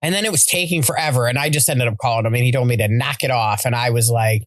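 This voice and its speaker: A woman co-hosting a podcast, chatting casually and telling animated stories with some swearing. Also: sits low, fairly quick, no room sound. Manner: animated storyteller, swears freely. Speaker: podcast co-host. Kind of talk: casual chat.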